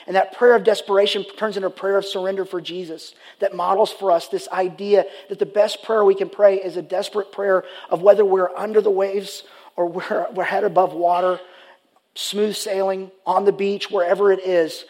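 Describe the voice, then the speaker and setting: A man's voice: high-pitched, flat delivery, moderate pace, a little mellow. A man preaching a sermon, earnest and conversational, often restarting his sentences. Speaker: pastor.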